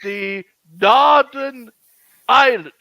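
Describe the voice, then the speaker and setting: A man's voice: very high-pitched, takes it slowly, no echo, highs cut off. A man in a casual group chat on a live show, insisting stubbornly and repeating himself.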